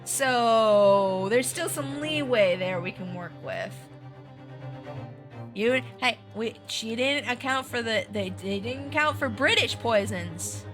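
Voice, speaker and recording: A woman's voice: on the high side, expressive, slow pace. A young adult woman streaming a video game from home, chatting in a bubbly, giggly way with her viewers. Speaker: VTuber streamer. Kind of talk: casual let's-play chat. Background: game music.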